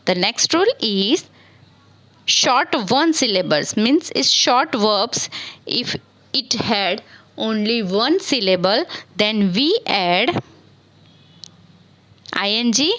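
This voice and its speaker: A woman with a fairly bright, somewhat high voice gives a slow, screen-recorded spelling lesson on verbs over poor audio. She spells each word letter by letter and asks questions only to answer them herself.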